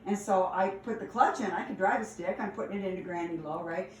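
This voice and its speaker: A woman telling stories from her past in a casual, animated way, laughing and acting out the lines. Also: mid-range voice, fast talker, a little hiss or hum. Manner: animated, laughing, acts out quotes. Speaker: storyteller. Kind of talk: casual storytelling. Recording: echoey room, distant mic.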